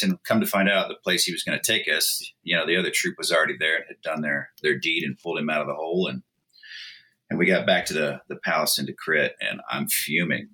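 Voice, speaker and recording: Man, middle-aged, low voice, quick delivery, animated storyteller, veteran guest. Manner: animated, acts out quoted dialogue. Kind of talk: casual storytelling.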